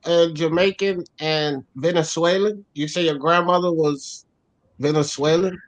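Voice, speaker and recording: A man keeps chiming in with short, chatty remarks during a group conversation. His voice is a little higher than most men's. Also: fairly even intonation, unhurried, slight background noise. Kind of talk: casual chat.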